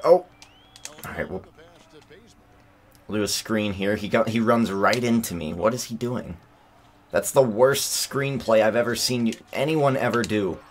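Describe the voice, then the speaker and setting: A young man commentating his own basketball video game, excitable, often bursting into yells and laughter. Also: lowish voice.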